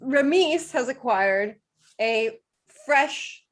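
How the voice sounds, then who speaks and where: Brief: woman game master, slow deliberate delivery, easy laughter. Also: high voice, lively intonation. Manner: unhurried, laughs often. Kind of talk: narrating a tabletop game.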